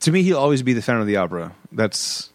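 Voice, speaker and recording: A man hosting a casual movie podcast, talking in halting bursts with many restarts and frequent laughs. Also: mid-range voice, very animated, no echo. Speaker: podcast host. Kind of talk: casual movie review chat.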